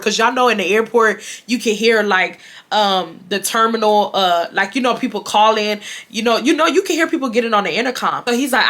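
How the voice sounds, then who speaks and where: Bright, animated young woman storyteller. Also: fairly high pitch, moderate pace. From Houston, Texas. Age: 20s. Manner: animated, emphatic, addresses viewers as y'all. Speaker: YouTuber. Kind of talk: storytime vlog.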